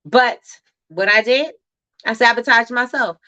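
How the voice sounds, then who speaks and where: A woman's voice: a little high, unhurried, bright, forceful tone. A woman hosting a motivational livestream, talking emphatically, repeating phrases for effect and reading viewer comments aloud. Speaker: livestream host.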